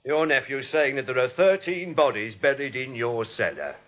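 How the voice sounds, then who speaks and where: An actor playing a brisk, no-nonsense police lieutenant in a vintage radio play. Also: male voice, medium pitch, lively intonation, a bit bright, natural voice. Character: brisk big-city police lieutenant, businesslike. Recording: muffled vintage radio broadcast.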